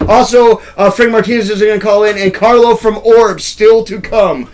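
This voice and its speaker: A young man with a high voice hosts a loose, crude comedic news segment. He rambles irreverently and breaks into laughter often. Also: steady tone, normal speed, a little mellow. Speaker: host of a live web talk show.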